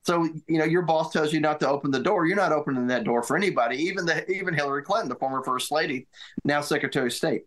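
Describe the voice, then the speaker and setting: A middle-aged man, a former military aide, recounting memories in a casual interview, halting and restarting often. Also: a little high, fairly bright tone. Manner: halting, many restarts and repeated words. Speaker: guest, former White House military aide.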